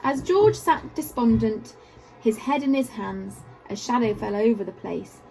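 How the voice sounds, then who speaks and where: A woman teacher reading a rhyming picture book aloud, expressive and rhythmic. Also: on the high side, measured pace, creaky, poor audio.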